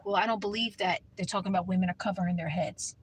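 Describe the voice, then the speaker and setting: A woman's voice: lowish voice, fairly even intonation, quick pace, breathy edge, rough recording. A woman vlogging from her parked car, talking earnestly in a rambling way and often repeating herself. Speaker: Christian vlogger. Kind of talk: casual talk to camera.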